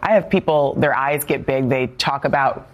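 A woman's voice: rumbling low, normal speed. A woman speaking as a guest commentator on a political talk show, earnest and conversational.

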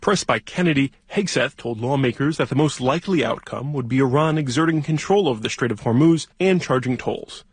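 Brief: male correspondent, husky voice, dry studio read. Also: mid-range voice, a little fast, hardly any pauses, no room sound. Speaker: news correspondent. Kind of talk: radio news report.

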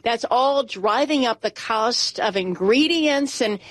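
A woman's voice: fairly high pitch, lively intonation, slow, dry recording. A woman hosting a morning business radio show, chatty and lightly amused as she reads stories. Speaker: radio news host.

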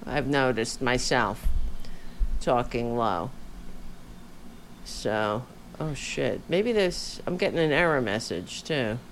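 Tired woman host, low-pitched, casual rambling delivery, home mic, faint room hum behind. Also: expressive, slow. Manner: rambling, chatty, candid. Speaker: podcast host. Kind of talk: casual livestream chat. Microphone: home studio microphone.

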